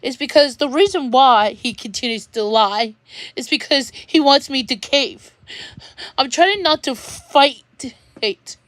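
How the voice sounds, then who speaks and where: High-voiced upset woman ranting. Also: fairly bright tone, no room sound. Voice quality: upset, halting with restarts. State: close to tears. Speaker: vlogger. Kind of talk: emotional rant to camera.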